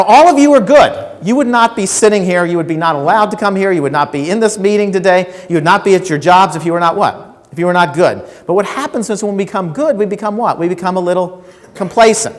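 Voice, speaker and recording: A man with a slightly high voice gives a keynote talk to a room of sales professionals. He tells stories, acts out the people in them and keeps asking the audience questions. The sound carries the long reverb of a conference hall. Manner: storytelling, asks the audience questions, acts out quotes. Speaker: keynote speaker.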